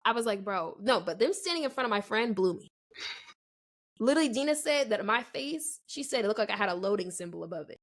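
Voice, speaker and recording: A woman in her twenties, co-hosting a podcast, telling a story in casual chat and acting out the people in it with quick changes of voice. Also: mid-range voice. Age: 20s. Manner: animated, acts out quoted people, laughs often. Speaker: podcast co-host.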